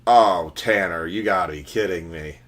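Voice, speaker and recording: Deep-voiced joking card-break host. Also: male voice, normal speed, fairly bright tone. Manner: joking, teasing, chatty. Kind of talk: casual livestream banter.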